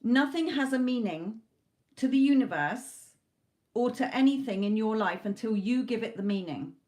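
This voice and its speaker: A woman's voice: fairly high pitch, lively intonation, moderate pace, a little mellow. A woman doing a live tarot reading, talking in a loose, conversational way with frequent restarts. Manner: talks in loose spoken chunks, restarts often. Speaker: tarot reader.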